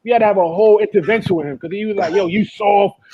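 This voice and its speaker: A man's voice: high voice, very fast, mellow, slightly rough, lo-fi sound. A man in casual conversation, telling stories with playful, slangy teasing. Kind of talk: casual chat.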